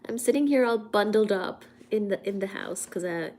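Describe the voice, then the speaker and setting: Hoarse, sick woman. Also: mid-range voice, animated, moderate pace. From India. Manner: soft, often dropping to a whisper, with coughs. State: hoarse from a cold. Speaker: livestream host and physics teacher. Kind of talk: casual livestream chat. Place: at home, indoors.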